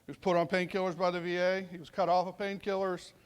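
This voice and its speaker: A middle-aged man with a fairly high voice speaks to a veterans summit as a police sergeant. His talk is conversational, and he acts out snatches of dialogue as he tells his story. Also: little pitch movement, fast talker, smooth. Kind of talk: storytelling speech.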